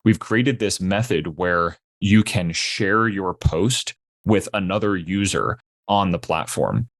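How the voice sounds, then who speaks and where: Young male founder, very low voice, dry close sound, explaining steadily. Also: lively intonation, slow pace, dry recording. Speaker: startup founder guest. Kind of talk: podcast interview.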